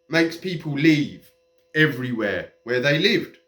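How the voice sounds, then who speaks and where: A man's voice: medium pitch, animated, measured pace, a bit bright. A man delivering a heated, profane, mocking rant straight to camera. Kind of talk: ranting monologue. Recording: echoey room.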